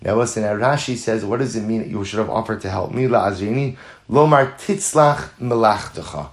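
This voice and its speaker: A man teaching a Talmud class. He speaks earnestly, repeats phrases for emphasis, mixes in Hebrew and Yiddish terms, and builds to lively, louder stretches. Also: lowish voice, a little fast. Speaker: Torah teacher.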